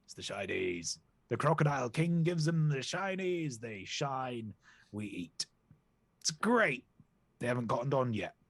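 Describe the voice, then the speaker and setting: A man's voice: medium pitch, sing-song, a little slow, husky, no room sound, heavily acted. A man voicing a scheming male crocodile who rambles in a put-on posh voice that drifts toward a pirate growl. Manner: rambling, trails off and restarts.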